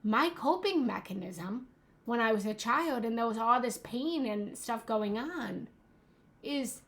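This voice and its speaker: A woman's voice: on the high side, animated, measured pace. A young adult woman giving a motivational talk as a relationship coach, earnest and emphatic, repeating key phrases.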